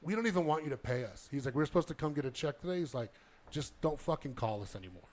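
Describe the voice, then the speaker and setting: A man's voice: on the high side, quick pace. A man casually telling a long story on a podcast, acting out the dialogue and swearing a lot. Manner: animated storyteller, heavy swearing, acts out dialogue.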